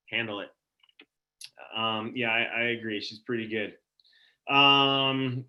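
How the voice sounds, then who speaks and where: An upbeat man in his forties hosts a live-streamed storytelling night in a casual, easygoing way. His voice is mid-pitched and bright. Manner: upbeat, casual, reading out audience comments. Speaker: event host.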